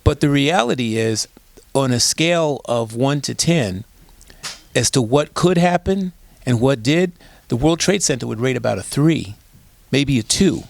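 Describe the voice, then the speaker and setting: A man's voice: medium pitch, animated, a little slow, gravelly. A man speaking as a guest in an interview, telling stories emphatically and asking rhetorical questions. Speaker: guest, disaster preparedness expert. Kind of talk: conversational interview.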